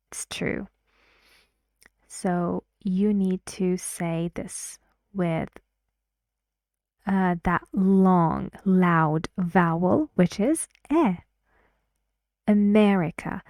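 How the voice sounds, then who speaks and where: Working through drills in a very slow, deliberate English pronunciation lesson, this woman says each word clearly and repeats it for her learners. Her voice is mellow, soft-edged and of medium pitch, captured close up with no echo at all.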